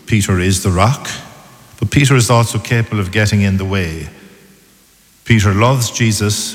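Priest preaching slow and steady, kinda low voice, big echoey church. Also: male voice. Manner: measured, calm homily delivery in short phrases. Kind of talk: sermon. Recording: long church reverb.

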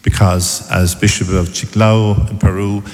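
A man, a priest, giving a measured sermon in short phrases in a church. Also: lowish voice. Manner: measured, calm homily delivery in short phrases. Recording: long church reverb.

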